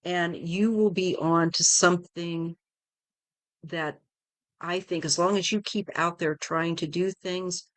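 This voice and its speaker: A middle-aged woman hosting a live tarot stream, chatting gently and rambling with many fillers. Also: on the low side, steady tone, takes it slowly, no echo. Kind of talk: casual live-stream chat.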